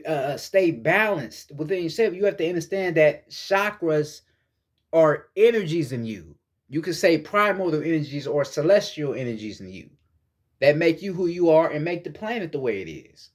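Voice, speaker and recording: A young man lectures on meditation in a loose, profane, preachy way, circling back over his own words as he goes. His voice sits high and jumps around a lot. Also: lively intonation, moderate pace. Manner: repeats words while searching for phrasing. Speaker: spiritual teacher. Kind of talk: casual spoken lesson on meditation.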